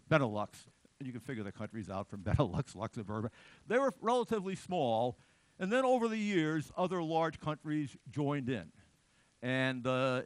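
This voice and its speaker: Male lecturer with a lively, somewhat high voice, digressive and restarting often, dry close sound. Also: no room sound. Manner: animated, digressive, frequent restarts. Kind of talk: unscripted lecture.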